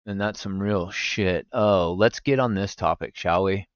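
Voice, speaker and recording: A man's voice: sits low, a little slow, clean tone, no room sound, dull audio. A young man streaming live, chatting casually with his viewers and swearing freely. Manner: animated, swearing, talks to chat. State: recovering from gallstones.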